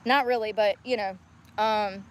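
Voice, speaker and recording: A woman's voice: mid-range voice, fairly even intonation, measured pace, slight background noise. A woman livestreaming outdoors on a street, ranting angrily and swearing, worn out and sore from walking. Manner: profane, combative, ranting. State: weary and in pain from walking. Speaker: homeless livestreamer. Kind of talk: angry livestream rant.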